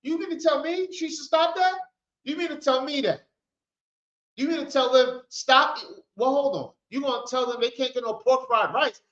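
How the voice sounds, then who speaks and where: A man's voice: extremely high pitch, moderate pace, a bit bright, voice pushed up. A man voicing an indignant restaurant owner who rants in outraged, incredulous questions, on an echoey, dull recording.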